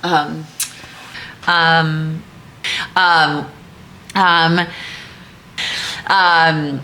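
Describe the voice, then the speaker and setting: Low-voiced chatty young woman vlogging. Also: little pitch movement, very slow, bright, forceful tone, a little hiss or hum. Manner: chatty, filler-heavy, with frequent likes and ums. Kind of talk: casual chat to camera. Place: at home, indoors.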